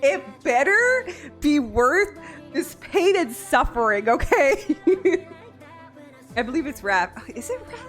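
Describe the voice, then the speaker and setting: A woman's voice: sits high, slow pace, long pauses, soft background music. A young woman streaming from home, chatting casually and often breaking into laughter and playful whining. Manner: giggly, excitable, lots of laughing and whining. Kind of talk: casual live-stream chat. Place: home room.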